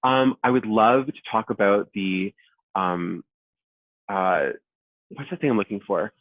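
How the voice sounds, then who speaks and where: A man in his thirties, a podcast guest, chatting casually and telling stories with lively acted-out quotes. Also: on the low side, unhurried, dry recording. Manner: animated storyteller, acts out quoted voices. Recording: tinny phone-like line, dry.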